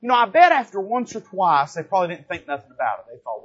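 A male pastor with a high, slightly husky voice delivers a sermon from the pulpit. He drops to quiet, low asides and then climbs to loud, emphatic peaks. The recording is dull and lo-fi, like an old church tape. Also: sing-song, quick pace. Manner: dramatic preaching, swings from soft low asides to loud emphatic rises.

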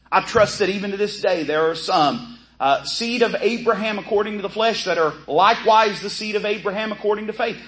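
A man's voice: high-pitched, poor audio. A man teaching a Bible course, earnestly explaining and reading scripture aloud with pleading emphasis.

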